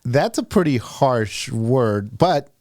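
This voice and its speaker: A man's voice: mid-range voice, very animated, slow, a little mellow. A man co-hosting a podcast in casual chat, dropping joking interjections. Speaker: podcast co-host.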